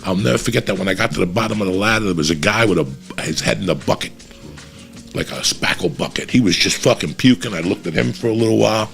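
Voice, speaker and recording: Gravelly middle-aged guy swearing his way through a wild story, faint music behind him. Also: fairly low pitch, fast. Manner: profane, animated, acts out voices in his stories. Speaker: comedian storyteller. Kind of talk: casual storytelling.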